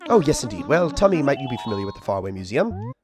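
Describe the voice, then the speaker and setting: A man putting on a drowsy male owl curator from a cozy video game, fussy, polite and endlessly rambling. His voice swings up and down with lively pitch. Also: racing, over music, natural voice. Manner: fussy, long-winded and apologetic.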